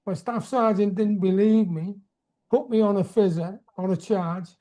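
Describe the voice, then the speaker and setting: Mellow-voiced man, hesitant. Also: sits high, normal speed. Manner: hesitant, with many restarts. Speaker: host. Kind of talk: casual chat.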